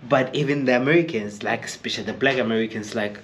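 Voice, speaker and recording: Male vlogger, mid-pitched, chatty storyteller who mimics others, faint background hiss. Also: fast. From Eastern Free State, South Africa. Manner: chatty, rambling, acts out quoted people. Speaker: chef vlogger. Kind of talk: casual storytelling to camera.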